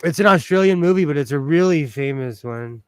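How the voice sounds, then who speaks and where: Man in his 40s, slightly high voice, rambling sentimental livestream host, dry close sound. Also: lively intonation, fairly quick, clean tone, no echo. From United States. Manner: rambling and sentimental, many fillers. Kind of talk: casual livestream chat while sewing.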